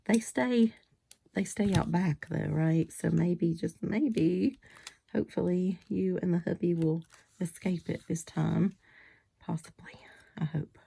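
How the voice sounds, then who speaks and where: A woman chatting casually in a crafting vlog while she makes cards, still getting over a cold. She rambles and often drops into soft, half-whispered asides. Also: fairly low pitch, slow, vocal fry, a little hiss or hum. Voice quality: whiny-sounding. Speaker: crafting vlogger making cards.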